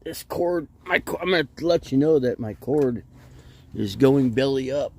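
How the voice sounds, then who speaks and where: A middle-aged man rambles through a casual live stream from inside his vehicle. He keeps restarting his sentences and repeating himself, with an average-pitched voice picked up by his phone. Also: lively intonation, a little slow, vocal fry, a little mellow, slight background noise.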